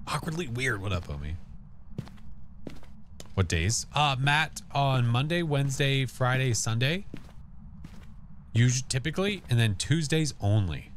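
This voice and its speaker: A man live-streaming a horror game, chatting with viewers and calling out to the ghost in a jokey, animated way, recorded at a home streaming setup on a desk microphone. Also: medium pitch, normal speed, long pauses, slight background noise. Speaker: gaming streamer.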